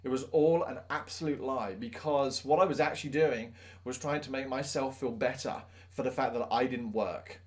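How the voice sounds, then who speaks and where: Guy teacher talking straight to camera, earnest and punchy, medium pitch, cracks jokes at himself. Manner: earnest and emphatic, with self-mocking asides. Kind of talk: motivational talk to camera.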